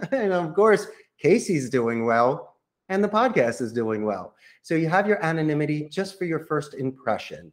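A man who runs a call center, a guest on a podcast, coaching listeners on phone sales with lively acted-out sample calls. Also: medium pitch. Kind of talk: podcast interview, coaching monologue.

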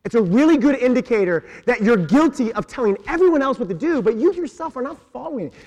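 A pastor delivers his sermon in a raised, high voice, hammering on key words and putting questions to his listeners. The sound carries a long reverb from a large church sanctuary. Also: lively intonation, fast, darkish tone. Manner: emphatic, repeats key words, asks the congregation questions. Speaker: senior pastor.

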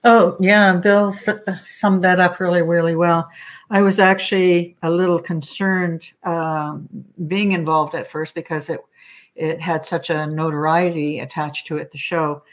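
A woman talking as an interview guest, chatty and lively as she tells stories. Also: fairly low pitch, a little slow. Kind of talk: casual interview chat.

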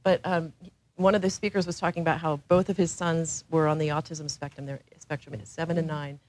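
A woman's voice: low voice, little pitch movement, a little fast, a little mellow, low-quality recording. A woman speaking on a panel in a frank, joking way. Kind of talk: casual talk on a panel.

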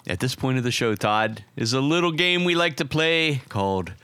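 A man's voice: mid-range voice, expressive, normal speed, pushed and bright, clear, resonant tone, dry recording. A man hosting a podcast, telling a long, silly game scenario in a playful, casual way. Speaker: podcast host. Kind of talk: casual storytelling chat.

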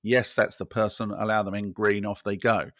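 A man's voice: on the low side, flat delivery, moderate pace, a bit bright, dry recording, studio quality. A British man talking as a technology guest, explaining scenarios step by step in casual conversation. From Britain. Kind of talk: casual interview chat.

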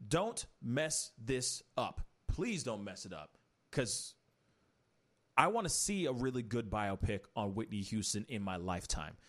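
A man hosting a casual commentary show, animated and opinionated, rambling through entertainment news. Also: fairly low pitch, unhurried. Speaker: talk show host.

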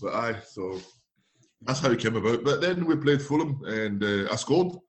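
A man's voice: mid-range voice, normal speed. A man, a former footballer, casually telling an anecdote and acting out the dialogue with laughs. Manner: animated, acts out dialogue with laughs.

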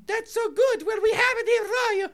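A man voicing a loud, bossy old grandmother in a brash, laughing falsetto, hosting a comedy podcast. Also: normal speed. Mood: chatty. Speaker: podcast host in character.

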